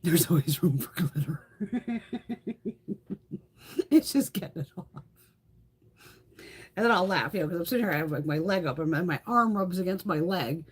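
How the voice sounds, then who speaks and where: Husky, foul-mouthed middle-aged woman host. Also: fairly low pitch, animated, normal speed, long pauses. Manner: swears freely, chatty and laughing. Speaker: beauty livestream host. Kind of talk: casual livestream chat with viewers.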